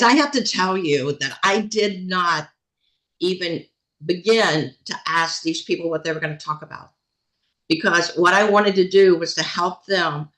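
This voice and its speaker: A woman's voice: on the low side, low-quality recording. Emphatic woman leading a motivational call. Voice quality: animated, emphatic, repeats phrases. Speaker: team leader hosting a call. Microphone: video call.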